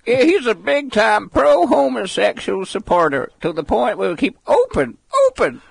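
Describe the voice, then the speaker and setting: A ranting male evangelist preacher with a put-on American accent, as a radio host hams it up. The voice sits well above the man's own and comes out loud and over the top. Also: very high-pitched, animated, normal speed, creaky, slightly rough, no echo, pitched above the performer's own voice, full character voice. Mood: mocking.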